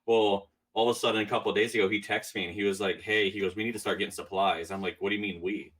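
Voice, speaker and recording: Rambling low-voiced man, distant mic. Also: fairly even intonation, racing, fairly bright tone. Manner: rambling storyteller, many fillers and restarts. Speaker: podcast guest. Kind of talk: casual chat.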